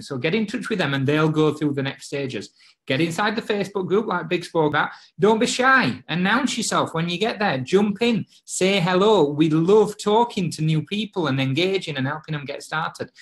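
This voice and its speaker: A man with a British accent co-hosting a live marketing stream, chummy and encouraging as he gives viewers their next steps. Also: on the high side. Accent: British English. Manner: chummy and encouraging, says mate. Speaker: co-host of a marketing webinar. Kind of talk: casual live-stream sales talk.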